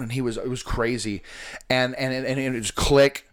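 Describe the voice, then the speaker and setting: A man's voice: medium pitch, fairly quick. A man hosting a podcast and chatting casually. He swears freely and acts out other people's lines as he tells stories. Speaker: podcast host. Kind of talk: casual chat, storytelling.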